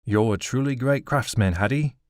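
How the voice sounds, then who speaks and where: Storybook role: man playing an excitable guardsman, slow, emphatic delivery. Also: mid-range voice, dry recording, clean studio sound, pitched above the performer's own voice, close to an everyday voice. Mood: awed. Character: awestruck male guardsman, blunt and excitable.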